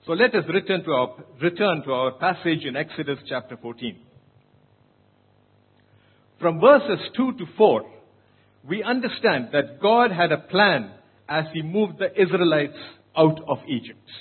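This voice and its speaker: Male pastor, preaching sermon; husky tone, deliberate emphasis, phone-like audio. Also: a little high, lively intonation. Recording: tinny phone-like sound.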